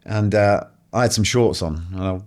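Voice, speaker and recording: A man, a podcast guest and author, telling animated anecdotes full of swearing and acted-out quotes. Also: sits low, normal speed. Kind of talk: casual storytelling conversation.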